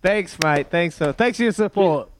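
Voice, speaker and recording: A man with a New Zealand accent hosting a breakfast radio quiz, excitable and matey, laughing often. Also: sits high, normal speed, background noise. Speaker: radio breakfast show host. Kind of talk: lively radio quiz banter.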